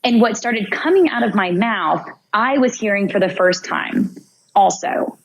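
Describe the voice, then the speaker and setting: A woman's voice: medium pitch, a little slow, rough recording. A young woman, a podcast guest, telling a personal story vividly and acting out her own thoughts. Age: young adult. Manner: vivid narration, acts out her own inner voice.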